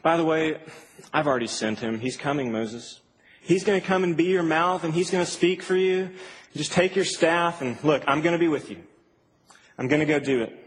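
A man voicing God as a calm, commanding male deity, speaking low and hushed to reassure. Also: moderate pace, natural voice. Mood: reassuring. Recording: reverberant hall, faint ambient noise.

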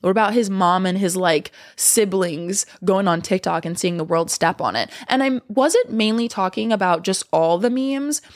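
A woman's voice: mid-range voice, normal speed, few pauses. Young woman, vlogger, casual chat, profane, out of breath, sore throat. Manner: rambling, profane, emphatic.

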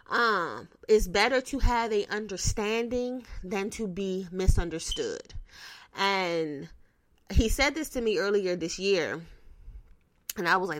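A woman's voice: fairly high pitch, fairly bright tone, no room sound. A young woman hosting a podcast, giving blunt, profane, streetwise advice in a casual way. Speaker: podcast host.

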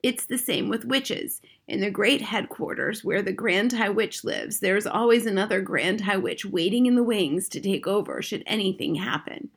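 Woman voicing a calm wise grandmother. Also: mid-range voice, gravelly, breathy edge. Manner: slow, soft and measured.

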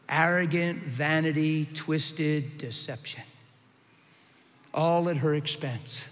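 A man's voice: a little high, fairly even intonation, takes it slowly. Dramatic male preacher in a reverberant hall. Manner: swings from hushed to shouting, dramatic. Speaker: preacher giving testimony. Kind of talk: testimony sermon.

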